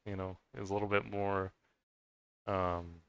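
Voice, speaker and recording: A man's voice: deep voice, little pitch movement, measured pace, clear, resonant tone, no room sound. A man streaming a game and chatting casually with viewers, rambling with many fillers and restarts and chuckling often. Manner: chuckles often between remarks. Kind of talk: casual chat while gaming.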